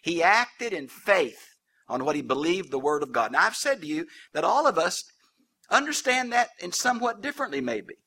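A man's voice: sits high, sing-song, normal speed, pushed and bright, slightly rough. A man preaching a Bible teaching sermon, folksy and humorous with colloquial asides.

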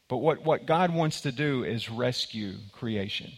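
A man's voice: mid-range voice, lively intonation, measured pace, few pauses. A man preaching a sermon, emphatic, often repeating words and restarting as he builds his point. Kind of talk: sermon with a told joke. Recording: long hall reverb.

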